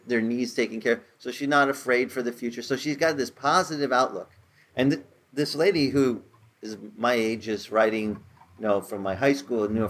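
A man's voice: mid-range voice, fairly bright tone. A man in his sixties preaching a casual, conversational sermon, telling stories with rising emphasis. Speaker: pastor.

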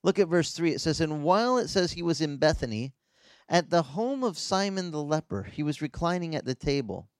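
A man, a pastor, preaching a sermon with animated delivery and sudden leaps in pitch. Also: fairly quick, no echo, studio quality.

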